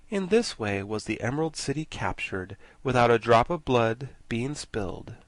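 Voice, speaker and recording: A man narrating a children's classic for an audiobook in an expressive storytelling manner. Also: medium pitch, no echo. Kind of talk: scripted narration.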